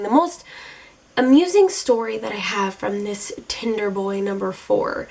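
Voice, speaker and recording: A young woman vlogging from home, her voice a touch higher than most. She tells her dating stories casually straight to camera, animated, sassy and openly exasperated. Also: creaky.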